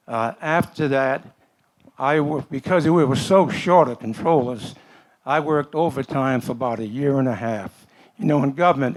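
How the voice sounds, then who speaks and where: An older man, a retired worker, making a plain-spoken, folksy comment from the audience at a forum. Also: mid-range voice. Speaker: audience member.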